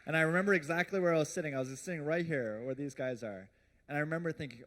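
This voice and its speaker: A man's voice: on the high side, fast talker. A man in his early thirties giving a motivational storytelling talk on stage, chatty and quizzing his audience. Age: early 30s. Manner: conversational, asks the audience questions. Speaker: speaker, company founder. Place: event stage before an audience.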